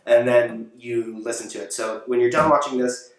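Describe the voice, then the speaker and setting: A man delivers a loose late-show-style monologue from his apartment, rambling and catching himself mid-sentence with little chuckles. His voice sits at an ordinary middle pitch. The recording rings with heavy room echo, and the mic sits well away from him. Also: fairly even intonation, normal speed. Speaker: host of a home talk show. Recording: very echoey room, mic far off.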